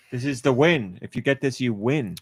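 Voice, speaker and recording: A man's voice: mid-range voice, slightly rough, no echo. Guy hosting a chatty podcast, teasing quiz vibe, dry close sound. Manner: playful, teasing quiz-master. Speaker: podcast host. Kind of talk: casual podcast banter.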